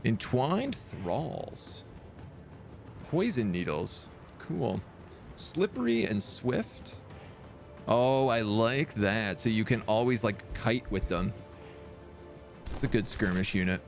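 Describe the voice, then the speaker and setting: Lively casual male game streamer. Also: on the low side, slow, pauses often, soft background music. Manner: casual, reads game text aloud. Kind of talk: live gameplay commentary.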